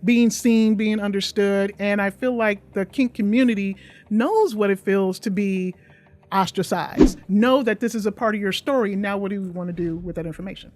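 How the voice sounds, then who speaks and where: A woman's voice: mid-range voice, moderate pace, darkish tone. A woman sexologist speaking as a podcast guest, frank and emphatic, with some swearing. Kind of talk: podcast interview.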